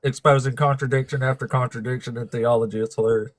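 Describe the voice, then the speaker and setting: A man's voice: medium pitch, fairly even intonation, fast, no room sound. A man hosting a casual live-stream debate, talking in a laid-back, dry and sarcastic way. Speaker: atheist debate host.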